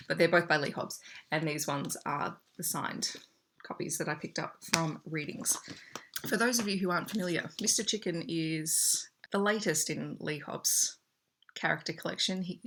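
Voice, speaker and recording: A young Australian woman with a notably low voice chats enthusiastically about books she teaches with. She holds up pages as she goes. Faint noise sits under the recording. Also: fairly bright tone. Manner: chatty, enthusiastic, shows pages to camera. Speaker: teacher and book vlogger. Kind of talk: casual book haul chat.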